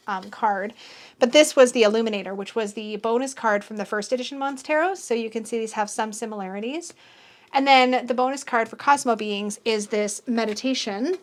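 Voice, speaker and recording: Excitable woman gushing over a tarot unboxing. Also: fairly high pitch. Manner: gushing, excitable, with gasps and quick squeals. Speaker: tarot deck reviewer. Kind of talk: casual unboxing chat.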